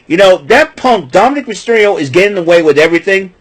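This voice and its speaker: A man giving a casual, rambling wrestling recap, repeating himself, getting fired up about the villains and clearing his throat often. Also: high-pitched, expressive, quick pace, low-quality recording.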